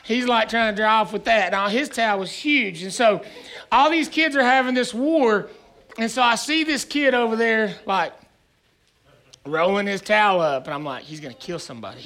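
A man preaching in a high, bright voice, a pastor spinning a funny tale for his congregation. He tells it with animated, self-mocking energy and keeps breaking into little chuckles, with a crisp, forward tone. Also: moderate pace. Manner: animated, self-deprecating storyteller who chuckles often. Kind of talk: sermon with humorous storytelling. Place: church sanctuary before a live congregation.

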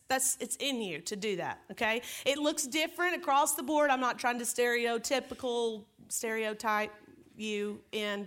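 A woman pastor giving a conversational sermon, lively and joking as she tells stories on herself. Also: fairly high pitch. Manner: lively, joking, self-deprecating storytelling.

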